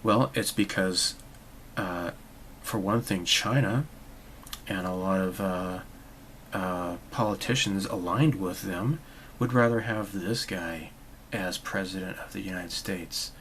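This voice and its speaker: Gravelly low-voiced man, sarcastic rant. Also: slow, a bit bright, a little hiss or hum, rough recording. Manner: sarcastic, rambling, many restarts. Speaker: channel host. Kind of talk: opinionated monologue vlog.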